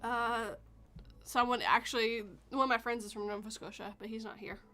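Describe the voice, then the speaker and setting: A woman's voice: a little high, fairly even intonation, moderate pace, pushed and bright. A woman from Canada hosting a casual roundtable podcast chat, playful and laughing often. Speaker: podcast host.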